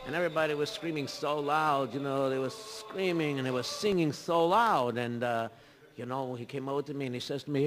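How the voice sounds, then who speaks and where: A man's voice: mid-range voice, a little fast, a bit bright. A man, a rabbi, telling rambling comic stories in radio banter, with many fillers. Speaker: rabbi, storyteller guest.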